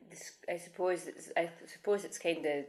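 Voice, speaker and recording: A woman's voice: fairly low pitch, normal speed, crowd noise. A woman in her thirties from Shetland with a Shetland accent, chatting casually in an interview and thinking aloud with many restarts. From Shetland, Scotland. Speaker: interviewee, works with children at a school. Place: at home with a small child nearby. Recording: noisy home recording.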